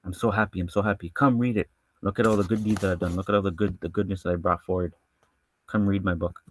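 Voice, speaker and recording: A man acting out an overjoyed man who eagerly invites others to read his record of good deeds, repeating himself with excitement. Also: low voice, fast, a little hiss or hum, close to an everyday voice. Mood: elated.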